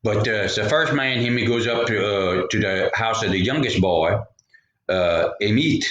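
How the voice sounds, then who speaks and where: A man's voice: lowish voice, measured pace, a bit bright, slight background noise. A man telling a folksy story, rambling into jokey asides. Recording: roomy echo.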